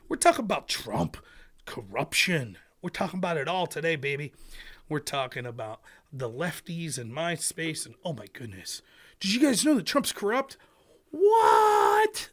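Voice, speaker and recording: Man, from rural Pennsylvania, livestream host, sarcastic, animated, bright sharp voice. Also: a little high, fairly quick. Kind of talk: political livestream commentary.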